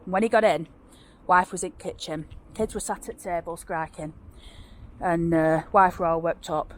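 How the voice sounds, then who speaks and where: A woman's voice: fairly low pitch, steady tone, normal speed. A woman with a Northern English accent, telling local ghost stories in a rambling, chatty way outdoors, with many fillers and restarts. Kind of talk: casual storytelling on location. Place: outdoors by a road.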